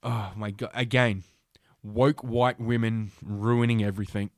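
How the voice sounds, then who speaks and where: A fairly low, steady male voice unhurriedly reads an article on his podcast, mocking it with crude asides full of profanity. He laughs along at his own jokes. The audio is studio quality without echo.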